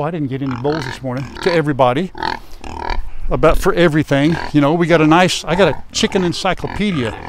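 A man's voice: fairly high pitch, background noise. An older man, chatting casually in a farm vlog, folksy and talkative, speaking to his animals and viewers from outdoors on a lapel mic. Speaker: farm vlogger. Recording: faint farm sounds behind.

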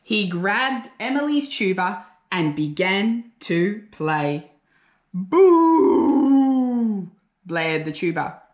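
Slow, lively-voiced woman reading aloud. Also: lowish voice. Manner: slow, expressive, sing-song reading. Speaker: primary school teacher. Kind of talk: children's storybook read-aloud. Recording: roomy echo.

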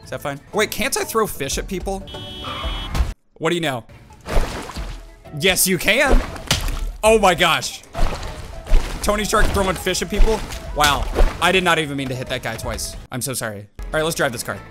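A young man giving excited let's-play commentary on a game, with sudden loud outbursts and gasps. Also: on the high side, fairly quick. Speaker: gaming YouTuber. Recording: game music behind the voice. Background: game music.

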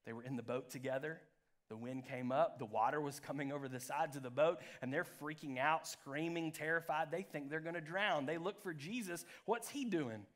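Fervent male preacher, slightly raised pitch, live sermon in a church sanctuary. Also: moderate pace. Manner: impassioned, swinging from loud peaks to quiet lows. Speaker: pastor.

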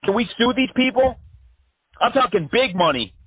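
A man putting on a whiny, aggrieved caller who piles on crude complaints. His husky voice sits high and comes over a narrow, phone-like line. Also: lively intonation, normal speed, dry recording, full character voice. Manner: exaggerated complaining, crude jokes.

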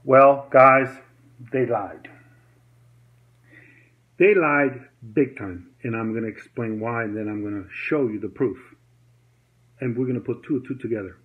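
A man's voice: medium pitch, unhurried, pauses often. A man telling a heated story to camera in a rambling, agitated way, acting out the dialogue he quotes. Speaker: vlogger. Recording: tinny phone-like sound.

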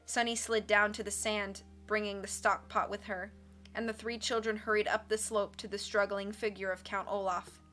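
A woman reading a storybook aloud on a livestream, expressive and voicing each character, with soft music behind her. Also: medium pitch, moderate pace. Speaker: audiobook reader. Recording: faint background music. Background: soft instrumental music.

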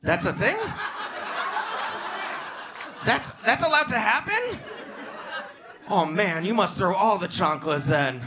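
A male stand-up comedian doing crowd work on a club stage, bantering with the audience and breaking into loud, excited outbursts. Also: high voice, slow pace, pauses often, background noise. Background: audience laughter and club ambience.

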